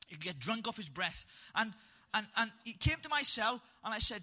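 Lively Welsh man preaching his story. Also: high voice, moderate pace, few pauses. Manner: animated storyteller, punchy and humorous. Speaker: preacher telling his testimony. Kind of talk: testimony to a live audience.

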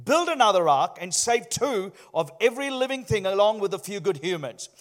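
A man's voice: high-pitched, sing-song, normal speed. A man voicing God as a commanding male figure in a joke told from the pulpit. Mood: solemn.

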